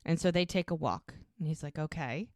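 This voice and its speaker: A woman's voice: low-pitched, a little fast, no room sound, studio quality. A woman co-hosting a podcast, casually recapping a show episode and retelling each scene by quoting the characters' lines. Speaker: podcast co-host.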